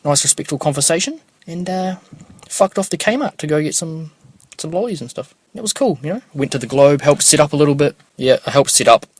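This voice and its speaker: A man's voice: a little high, lively intonation, a little fast. A young man telling rambling, slangy stories as a podcast host, swearing often. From New Zealand. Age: young adult. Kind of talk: casual storytelling monologue.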